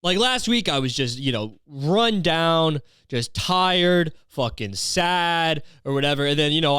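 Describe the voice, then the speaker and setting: Profane, animated young male podcast host. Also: on the high side, smooth, dry recording, clean studio sound. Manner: profane, animated, self-mocking. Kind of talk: comedic podcast rant.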